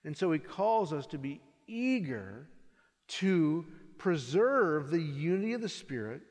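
Male pastor, slightly high voice, measured sermon delivery, long hall reverb. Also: sing-song, a little mellow. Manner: measured preaching with slow, trailing emphases.

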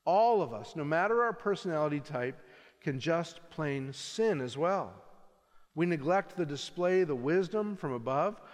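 A pastor delivering a sermon in a measured preaching manner, slowing and dropping his voice for emphasis. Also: a little high, lively intonation. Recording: long hall reverb.

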